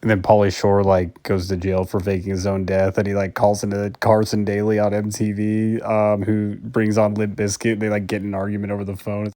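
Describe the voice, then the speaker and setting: A man's voice: fairly low pitch, completely flat delivery, brisk, hardly any pauses, mellow. A man casually reviewing a film, rambling with many fillers.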